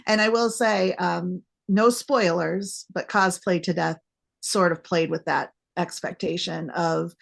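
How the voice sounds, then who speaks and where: Chatty woman host with a gravelly voice. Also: lowish voice, measured pace. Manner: chatty, animated when acting out reactions. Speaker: podcast host. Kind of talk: casual interview chat.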